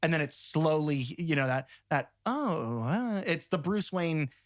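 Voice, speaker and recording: A man co-hosting a podcast, talking about movies in an animated, rambling, enthusiastic way. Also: fairly high pitch, unhurried, no room sound, clean studio sound. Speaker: podcast co-host. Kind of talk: casual film discussion.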